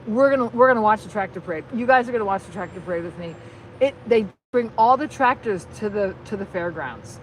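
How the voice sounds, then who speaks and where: A woman hosting a casual live stream, chatting in a rambling, excitable way. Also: medium pitch, quick pace, a little hiss or hum, poor audio. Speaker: livestream host.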